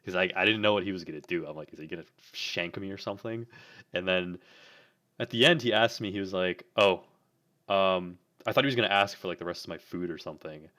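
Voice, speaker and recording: Very deep-voiced young man telling a rambling story. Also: fast, bright, forceful tone. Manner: rambling, says "like" a lot, swears casually. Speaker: co-host. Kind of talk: casual storytelling chat.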